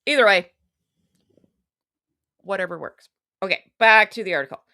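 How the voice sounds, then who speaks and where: A woman's voice: mid-range voice, moderate pace, sharp tone, no echo, studio quality. Chatty sarcastic woman gossip streamer. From Canada. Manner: chatty and sarcastic, talks to her chat. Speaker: livestream host. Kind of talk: casual celebrity gossip livestream.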